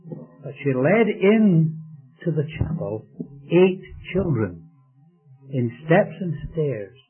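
A man's voice: a little high, big pitch swings, slow pace. A male preacher pleading earnestly in a sermon, then leading a prayer. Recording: tinny phone-like old radio recording with faint music.

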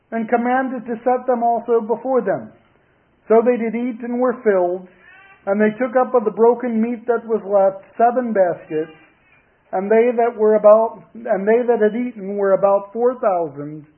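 A male pastor preaching a sermon, reading scripture aloud in a measured, deliberate way. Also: high-pitched. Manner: measured, deliberate reading in King James wording. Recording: tinny phone-like broadcast audio.

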